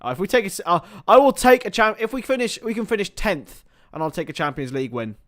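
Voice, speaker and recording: A man hosting a live football watchalong stream, swinging between excitable play-by-play and chatty asides with casual swearing. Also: high-pitched, quick pace. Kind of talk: casual live match commentary.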